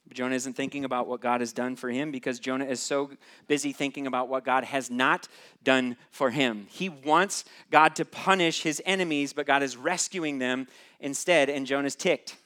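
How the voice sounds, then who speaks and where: A male preacher talks through a sermon at a middle pitch. He keeps it conversational and often turns to the listeners with direct questions. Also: moderate pace, bright, forceful tone.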